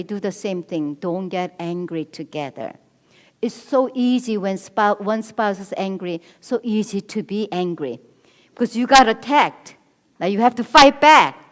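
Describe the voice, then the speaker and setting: A middle-aged woman speaking at a church marriage seminar, earnest and coaching, repeating her key points. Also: mid-range voice. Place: church hall. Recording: long reverb of a church hall.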